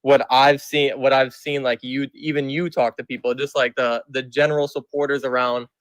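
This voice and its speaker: A man's voice: medium pitch, level tone, normal speed, dry recording. Eighteen-year-old man with a Michigan accent. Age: young adult. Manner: casual, hesitant, slangy. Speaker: caller debating on a stream.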